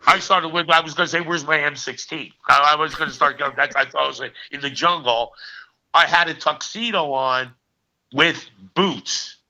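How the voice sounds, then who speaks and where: A man in his sixties, an actor guest, telling stories as an animated raconteur who punches his lines with "okay.". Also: on the high side, normal speed. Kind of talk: storytelling in a casual interview. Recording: dull lo-fi recording.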